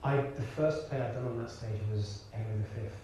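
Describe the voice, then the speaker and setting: As a guest in a live onstage interview, this Birmingham, England actor and director entertains the audience of a large hall with animated anecdotes, restarts and bursts of laughter. His pitch is medium and his delivery fairly quick. Hiss and echo color the far-off recording.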